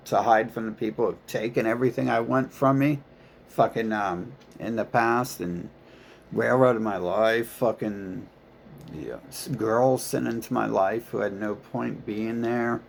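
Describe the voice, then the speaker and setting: A man's voice: medium pitch, steady tone, measured pace, vocal fry, a little hiss or hum. A man talking in a rambling, profane monologue full of filler words and restarts.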